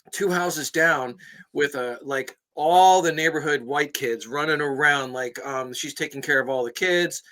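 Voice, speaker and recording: A man co-hosting a podcast tells a story in casual chat, animated and laughing as he acts out both sides. His voice is a little high.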